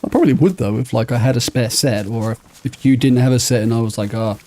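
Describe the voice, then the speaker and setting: Chill guy streaming from bed, rambly and jokey, dark mellow voice, mid pitch. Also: fast talker, slight background noise. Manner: rambling, joking, talks to chat. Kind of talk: casual livestream chat while gaming. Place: lying in bed.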